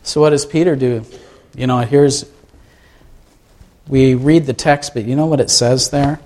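A man's voice: mid-range voice, steady tone, unhurried, a little mellow. A man preaching a sermon in a conversational way, asking his listeners rhetorical questions. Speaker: pastor.

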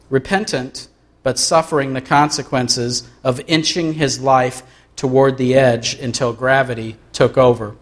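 A man preaching a sermon as pastor, reading aloud from a book and slowing down to stress key words. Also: medium pitch. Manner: earnest, slows down for emphasis.

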